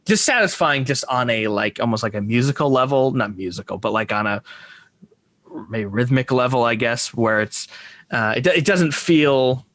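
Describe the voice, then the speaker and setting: A man talking films with a co-host in a relaxed podcast chat. He circles his points, restarts sentences and trails off as he thinks aloud. His voice sits at an ordinary pitch in a dry, close recording with no room sound. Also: normal speed, no room sound. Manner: rambling, full of restarts and hesitations. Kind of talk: casual film discussion.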